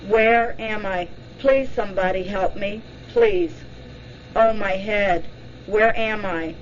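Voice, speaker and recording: A woman's voice: mid-range voice, expressive, takes it slowly. A woman voicing a frightened woman reliving an abduction under hypnosis, pleading in the first person, on a dull lo-fi recording. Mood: distressed.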